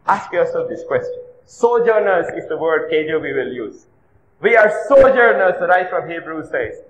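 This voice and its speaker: A man's voice: fairly high pitch, very animated, moderate pace, muffled recording, slight background noise. A male pastor preaching a sermon in a church hall, emphatic, with rhetorical questions and repeated phrases. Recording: echoey church hall recording.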